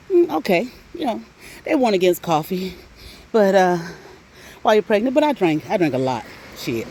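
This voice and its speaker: A middle-aged woman chatting casually, animated and laughing often, with frequent swearing, while out on a walk. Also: medium pitch, measured pace, pauses often, a little hiss or hum. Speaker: vlogger. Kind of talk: casual storytelling chat. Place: outdoors on a walk.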